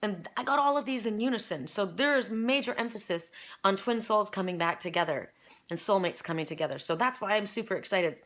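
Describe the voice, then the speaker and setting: Speaking a little fast with a medium-pitched, slightly bright voice and lively intonation, a middle-aged woman reads oracle cards in a spiritual video for her audience. She is openly emotional and earnest, often tripping over her words and starting sentences again.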